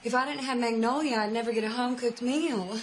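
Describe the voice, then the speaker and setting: A woman's voice: a little high, quick pace, slight background noise, lightly acted. An actress playing a grown daughter who answers her mother in a proper, defensive way.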